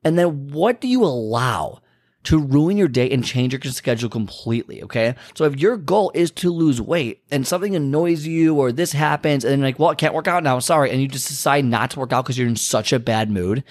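A man's voice: medium pitch, lively intonation, normal speed, darkish tone. A man hosting a solo podcast, rambling and venting before turning motivational. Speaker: podcast host. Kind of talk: casual solo podcast monologue.

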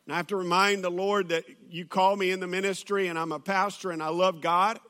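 A pastor with a high, bright voice preaches a sermon before a church crowd. He tells stories with easy humor and plenty of fillers and restarts. His tone is sharp and ringing, and he speaks in a high register. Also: little pitch movement, fairly quick. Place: church auditorium with audience.

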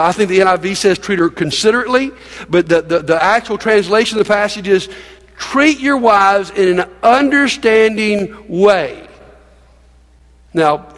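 High-voiced man preaching in a reverberant hall. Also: a bit bright. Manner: emphatic, folksy, with laughs and audience prompts. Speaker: pastor. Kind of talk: sermon.

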